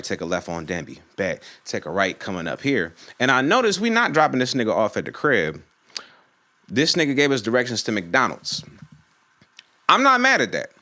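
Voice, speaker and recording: A man's voice: lowish voice, sharp tone. A man from Virginia telling a casual, profane story on his channel and acting out the people in it. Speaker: storytime YouTuber.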